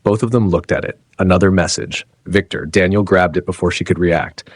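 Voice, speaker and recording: A man narrates a dramatic story with slow, suspenseful delivery. His voice is very deep and husky, and the recording is dry and close. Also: steady tone, dry recording.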